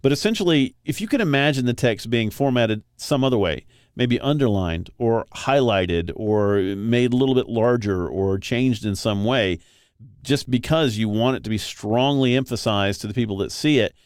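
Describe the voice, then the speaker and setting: A man teaching web design in a relaxed, conversational screen-recorded tutorial. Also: medium pitch, moderate pace, no room sound, clean studio sound.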